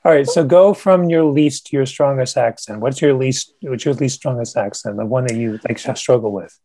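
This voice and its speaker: A podcast host leading a casual interview, telling relaxed anecdotes with the odd chuckle. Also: medium pitch, moderate pace, no echo.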